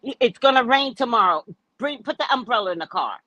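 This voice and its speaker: A woman's voice: fairly high pitch, expressive, brisk, pushed and bright, dry recording, rough recording. A woman hosting a casual commentary show, talking in a sassy, emphatic, lecturing way. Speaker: host.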